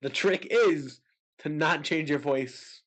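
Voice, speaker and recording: A young man co-hosting a casual podcast, joking around and doing deliberately bad celebrity impressions. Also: a little high, fairly bright tone. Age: 20s. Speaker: podcast co-host. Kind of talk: casual chat.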